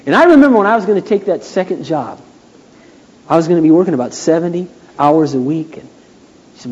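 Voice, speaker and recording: Man, pastor, high voice, storytelling sermon, old muffled tape, long hall echo. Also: quick pace. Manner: storytelling, acts out quotes in a high excited voice. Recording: dull 1980s church tape in a reverberant hall.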